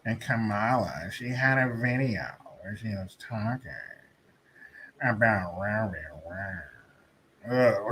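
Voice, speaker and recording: A man's voice: lowish voice, a little slow, pauses often, a bit bright, breathy edge. A man doing a profane, mocking video commentary, casual and scornful. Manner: casual storytelling with fillers. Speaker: vlogger.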